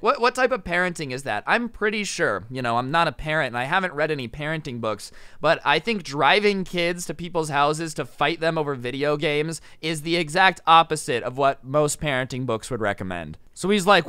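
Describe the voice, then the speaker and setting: A young man telling a story in a casual vlog, rapid and animated, full of "like" and "you know". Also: fairly high pitch, smooth, no room sound, studio quality. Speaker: storytime vlogger.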